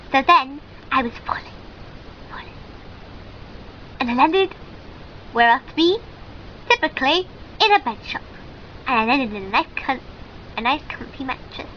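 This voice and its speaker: A woman's voice: high-pitched, sharp tone, highs cut off, a little hiss or hum. A woman telling a comic sketch in character, rambling and giggly, with many ums and restarts.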